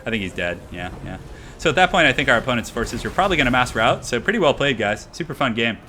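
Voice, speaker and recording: Bright-voiced chatty male game streamer. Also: mid-range voice, fast, a little hiss or hum. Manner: excitable, chatty, slangy. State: tired, a little out of breath. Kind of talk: casual live-stream commentary.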